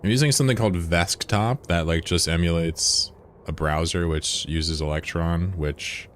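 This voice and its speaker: A man streaming a game in casual, profane chat, answering his viewers and drawling slowly when he admires something. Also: low voice, steady tone, fairly bright tone, a little hiss or hum. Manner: laid-back, profane, answers chat aloud.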